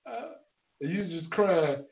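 Teasing high-voiced man, phone-like sound. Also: expressive, slow pace, vocal fry. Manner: teasing, joking. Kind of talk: casual chat. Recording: tinny phone-like audio.

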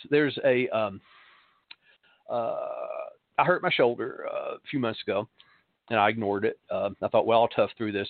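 Man, middle-aged, pastor, reflective spiritual talk, halting with repeated words, phone-like sound. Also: fairly low pitch, no room sound. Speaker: pastor and podcast host. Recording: dry, narrow phone-like sound.

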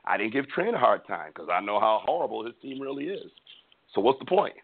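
A man with a gravelly, fry-heavy voice hosts a casual sports talk show. He talks in an animated, opinionated way and often repeats words before finishing a thought. The sound is thin and phone-like. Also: mid-range voice, brisk. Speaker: podcast host. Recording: tinny phone-like line.

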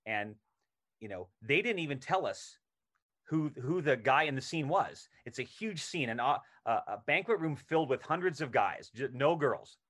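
A middle-aged man telling a long anecdote as a podcast guest. He talks casually and with energy, and he acts out the lines he quotes. His voice sits in a middle pitch. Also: animated, normal speed, a bit bright. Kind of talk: casual storytelling interview.

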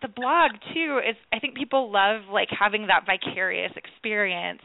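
A woman's voice: medium pitch, lively intonation, normal speed, gravelly. A woman in her thirties, a guest chatting casually on a podcast, talking with lots of fillers. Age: 30s. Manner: chatty, many fillers and laughs. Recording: phone-like narrow sound.

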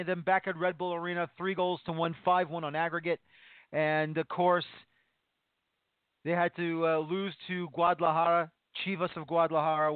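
A man hosting a soccer talk radio show, speaking with excited emphasis. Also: high-pitched, no room sound. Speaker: podcast host. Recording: tinny phone-line sound.

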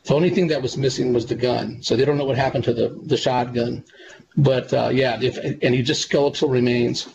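A man being interviewed, talking in long, earnest, meandering stretches full of "uh" and "you know." His voice sits at an everyday middle pitch. The audio is dull and lo-fi, with plain background noise running under it. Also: steady tone, brisk, creaky, a little mellow. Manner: rambling, earnest, many fillers. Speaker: psychic medium guest. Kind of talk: casual interview storytelling.

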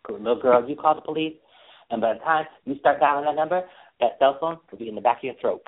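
A man putting on a sassy, loud elderly matriarch with a high-pitched, shouted, scolding voice. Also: quick pace, natural voice. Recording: tinny phone-like audio.

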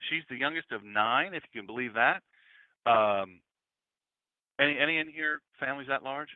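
A man's voice: medium pitch, moderate pace, no echo. A man in his fifties preaching a casual, conversational sermon and talking with his congregation. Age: 50s. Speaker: pastor. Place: church room with congregation. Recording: tinny phone-like sound.

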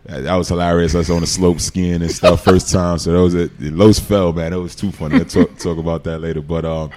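A middle-aged man tells stories as a guest on a chat podcast. His voice is very low and deep. He talks in an animated, slangy way. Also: fairly quick. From New York City. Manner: animated, slangy, laughs while telling. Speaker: guest, former football player. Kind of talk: casual storytelling interview.

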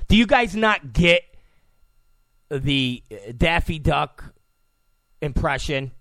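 A man's voice: a little high, animated, slow pace, sharp tone, no room sound. A male talk show host delivering a political monologue in a mocking, joking way, with mock apologies.

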